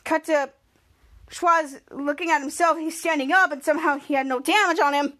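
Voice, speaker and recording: A woman with a very high, bright voice runs through an episode recap in a loose, rambling way. She keeps circling back to the same stock phrases and jumps into excited impressions of the characters as she goes. The delivery is casual, like an unscripted podcast. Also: normal speed. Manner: rambling, repeats "cut to" and "somehow"; acts out characters' lines excitedly. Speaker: podcast host.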